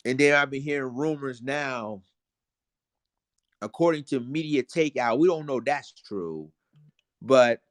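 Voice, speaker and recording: Male vlogger, mid-pitched voice, dry close sound, indignant and repetitive, calls his viewers y'all. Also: no echo. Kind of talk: emotional casual commentary.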